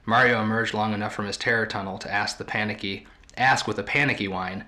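A podcast host reading a story aloud from a book in a measured, storytelling way. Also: male voice, lowish voice, fairly even intonation, bright, forceful tone.

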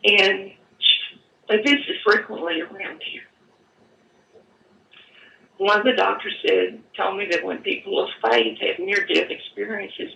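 A woman giving an earnest personal testimony, halting and at times choked up, in an echoey room away from the mic. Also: medium pitch, vocal fry, fairly bright tone, recorded from a distance, lo-fi sound, slight background noise. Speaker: guest telling her story.

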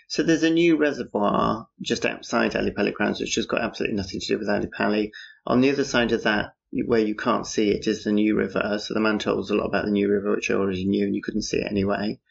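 A man's voice: on the low side, vocal fry. A man talking outdoors on a street at night in a rambling, casual monologue, with wry, dryly sarcastic asides. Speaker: podcaster. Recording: dull, muffled lo-fi recording.

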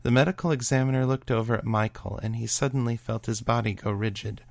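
A man narrating a serial story in a steady, even reading voice. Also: mid-range voice, quick pace, vocal fry, no room sound.

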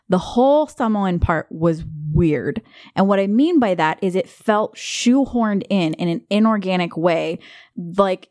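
A woman's voice: fairly low pitch, darkish tone, no echo, studio quality. A woman hosting a casual film review chat, blunt and opinionated. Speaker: podcast host, film reviewer.

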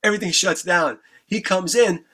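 Man, raised pitch, casual guest storyteller, profane and animated. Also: moderate pace. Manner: animated storyteller, stumbling restarts, acts out voices. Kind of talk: casual anecdote, heavy swearing.

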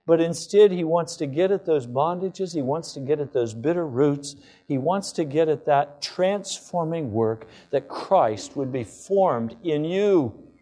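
A male pastor preaches to his congregation in a somewhat high-pitched voice. He moves between quiet, reflective teaching and impassioned, declaring peaks. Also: animated, measured pace. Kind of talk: sermon.

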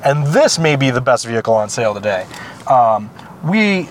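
A man's voice: medium pitch, big pitch swings, moderate pace, slight background noise. A man co-hosting a podcast, chatting casually and enthusiastically while touring cars on an auto show floor. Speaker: podcast co-host. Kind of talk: casual walking-tour chat.

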